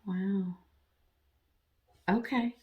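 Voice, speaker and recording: A woman's voice: medium pitch, fairly even intonation, very slow, dull audio. A woman reads tarot cards for her audience in a loose, conversational way. She speaks frankly, curses without hesitation, and addresses the listener directly with playful asides about herself. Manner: chatty and frank, swears freely; addresses viewers directly, self-deprecating asides. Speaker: tarot reader. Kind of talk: casual tarot reading to camera.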